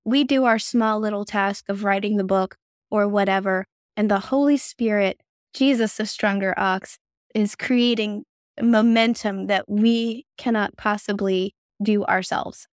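A woman's voice: medium pitch, fairly even intonation, measured pace, smooth, no echo, studio quality. Enthusiastic woman podcast host. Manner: enthusiastic, affirming. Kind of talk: casual faith podcast chat.

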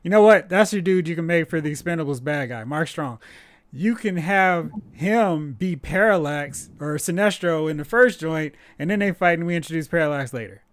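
Man, podcast host, higher pitch, dry close sound, animated opinions. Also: no room sound. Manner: animated, opinionated, quick asides. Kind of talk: casual chat.

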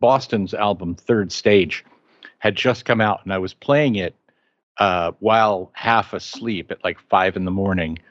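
A man with a lowish voice tells stories on a podcast, lively in the telling. His audio is dry and a little muffled, like a modest home setup. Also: unhurried, no echo. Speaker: podcast co-host. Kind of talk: casual chat.

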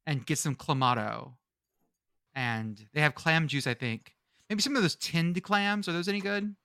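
A man's voice: a little high, moderate pace, bright, forceful tone, smooth, no room sound, clean studio sound. A man co-hosting a casual college football podcast, riffing jokes and stumbling over his words. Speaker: podcast co-host. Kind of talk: casual sports chat.

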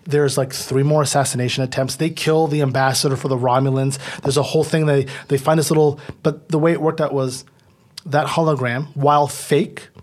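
A man tells a long story on a podcast in a rambling, animated way. He packs his talk with fillers and swearing, and his voice sits slightly high for a man. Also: brisk. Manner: rambling, animated, fillers and profanity, acts out quotes. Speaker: guest, comedian.

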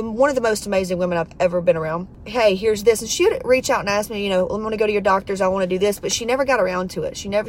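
A woman's voice: medium pitch, a little hiss or hum. A woman life coach in a podcast monologue, blunt, profane and preachy, pressing her points hard.

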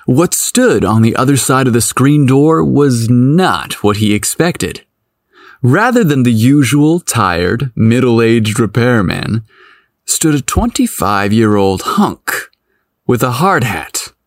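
A man narrating a story aloud in a playful, expressive manner. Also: mid-range voice, slow, no room sound, studio quality. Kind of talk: audiobook narration.

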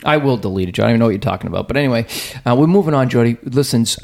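A man's voice: mid-range voice, creaky. A man, hosting a podcast and telling a rambling story, acting out what people said. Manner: rambling storyteller, quick and animated, acts out quotes. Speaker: podcast host. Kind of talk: casual chat.

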